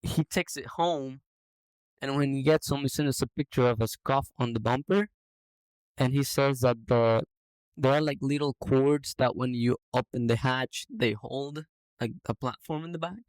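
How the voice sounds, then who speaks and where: A man who owns a business, telling a story in a lively, casual way on a podcast. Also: medium pitch, normal speed, smooth, no echo, poor audio. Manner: animated anecdote telling. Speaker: business owner.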